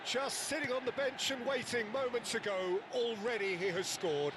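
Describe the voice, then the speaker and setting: A man voicing a lively play-by-play football commentator in a video game, excitable and rising to shouts on goals. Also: very high-pitched, normal speed. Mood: excited. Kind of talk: scripted sports commentary. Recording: game audio under stream noise.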